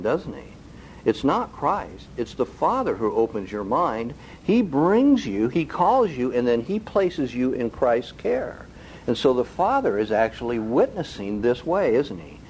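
A man preaching a sermon who keeps asking the congregation rhetorical questions and slows down to stress key phrases. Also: lowish voice, darkish tone, slight background noise, rough recording. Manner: slow, deliberate emphasis on key phrases.

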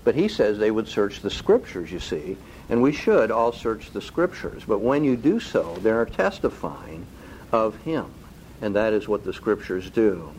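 A man preaching a sermon who keeps asking the congregation rhetorical questions and slows down to stress key phrases. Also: lowish voice, sing-song, a little mellow, a little hiss or hum, low-quality recording. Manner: slow, deliberate emphasis on key phrases.

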